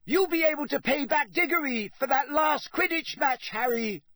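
A man voicing an eager teenage girl sports player, high and shrill with excitement. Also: normal speed, no room sound. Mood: excited.

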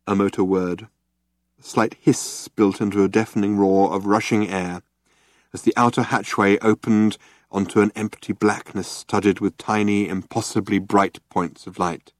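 A man reading an audiobook in measured scripted narration. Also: fairly low pitch, fairly even intonation, no echo, clean studio sound.

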